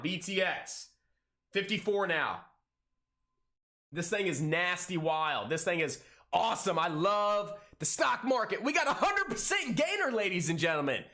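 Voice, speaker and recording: An excitable man is live-streaming trading commentary, firing off prices at speed and cheering his own trades. His slightly high voice sounds bright and sharp, and he talks up every move with corny jokes in between.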